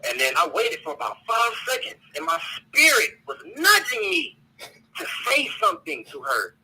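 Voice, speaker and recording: A man's voice: very high-pitched, huge pitch swings, normal speed, gravelly, sharp tone, a little hiss or hum, low-quality recording. A man calling in to a talk show, ranting bluntly and with profanity, often repeating words as he searches for them. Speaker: caller. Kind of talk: heated call-in rant.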